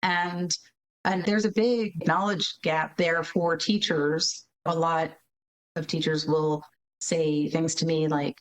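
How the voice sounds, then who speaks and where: A woman interview guest who directs a learning center, explaining in lively casual talk, acting out children and checking in with tag questions. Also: sits low, takes it slowly, low-quality recording. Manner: animated, acts out children's reading with voices; frequent tag questions, laughs while explaining.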